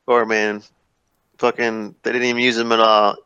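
A man's voice: lowish voice, little pitch movement, brisk, pushed and bright, smooth, muffled recording. A man in casual podcast chat, playful and toying with the sound of words. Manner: playful, toys with word sounds.

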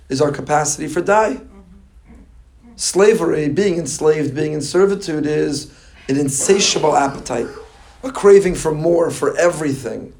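A man with a somewhat high voice delivers a sermon as a rabbi, lively and full of joking asides. He weaves Hebrew and Yiddish terms into his talk.

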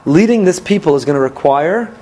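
A man with a high voice teaches a Torah class in an animated lecturing way. He keeps posing rhetorical questions and answering them himself. He quotes Hebrew verses and commentaries along the way. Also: fairly quick, poor audio.

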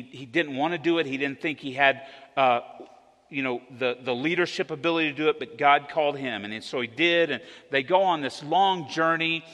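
A male pastor delivering a sermon in a loose, conversational storytelling manner. His voice sits a little high for a man. The sound carries the long reverb of a church hall. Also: sharp tone. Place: church sanctuary.

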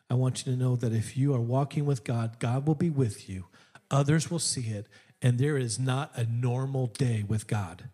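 A man preaching a sermon as pastor, telling a story with lively acted-out voices and frequent laughs. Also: mid-range voice. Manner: animated, acts out quoted voices in the story; laughs often while telling stories. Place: church.

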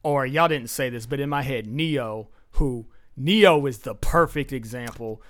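A man's voice: mid-range voice, a little slow, fairly bright tone. A man in casual chat as a podcast co-host, speaking emphatically and with strong opinions.

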